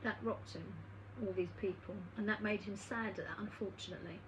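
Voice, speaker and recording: A woman's voice: mid-range voice, fairly even intonation, a little fast. A woman who works as a medium and healer, telling a story in a chatty way and acting out the dialogue. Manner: chatty, acts out dialogue in her stories. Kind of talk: conversational storytelling monologue. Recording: noisy recording with a background hum.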